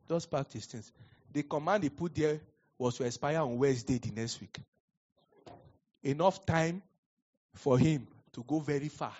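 A man with a Nigerian accent preaching a sermon, telling animated stories and laughing often. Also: a little high, normal speed, long pauses. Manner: animated storyteller, laughs often, acts out quotes. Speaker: pastor. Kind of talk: sermon with storytelling. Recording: dull lo-fi sound.

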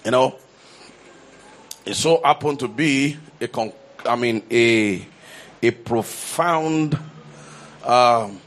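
A man's voice: medium pitch, slow, long pauses, fairly bright tone. A man preaching a sermon, building to emphatic repeated declarations and often restarting his phrases. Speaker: pastor.

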